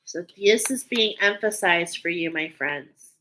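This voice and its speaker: A woman gives her viewers an intuitive, tarot-style spiritual card reading, using soothing, affirming phrases and showing her emotions openly. She speaks a little slowly in a lowish voice over a noisy background.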